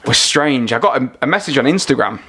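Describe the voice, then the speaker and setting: A man's voice: mid-range voice, animated, a little fast, a bit bright, slightly rough. A man from Nottingham, a podcast guest rambling through stories in casual chat and swearing freely. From Nottingham, England. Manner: rambling storyteller, swears freely, many fillers. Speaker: podcast guest, singer-songwriter.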